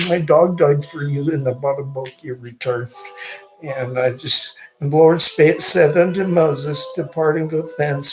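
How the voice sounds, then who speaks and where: A man in a rambling, abusive, mocking rant, breaking off to read old verses aloud slowly. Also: medium pitch, low-quality recording. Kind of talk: ranting monologue with scripture reading.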